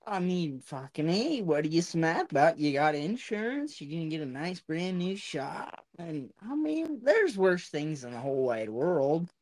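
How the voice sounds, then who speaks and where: A man's voice: a little high, very animated, normal speed, few pauses, darkish tone, no echo. A man hosting a casual chat, profane, laughing often. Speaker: podcast host.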